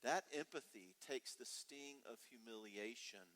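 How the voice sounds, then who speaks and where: A man's voice: mid-range voice, unhurried, fairly bright tone. An older man giving a conversational, humorous parenting talk at a conference, telling family stories and acting out voices. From United States. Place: church hall. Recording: long reverb from a large hall.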